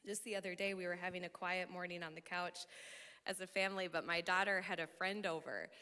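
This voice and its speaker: A woman preaching a sermon, her voice bright and forward as it carries through a large church hall with a long reverb. She talks animatedly, growing loud when excited and laughing often. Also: lowish voice, brisk, clear, resonant tone. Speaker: church speaker. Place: church auditorium.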